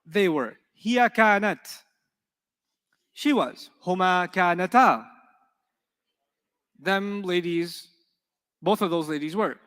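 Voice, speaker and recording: Male lecturer, middle-aged, high voice, animated classroom delivery, long hall reverb. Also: slow, pauses often, smooth. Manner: animated, asks the class questions. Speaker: Arabic teacher.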